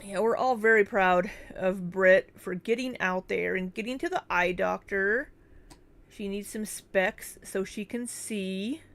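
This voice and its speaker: A woman's voice: medium pitch, measured pace, fairly bright tone, faint music behind. A young woman hosting a casual livestream, reading out viewer names, thanking them and laughing often between replies. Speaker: livestream host.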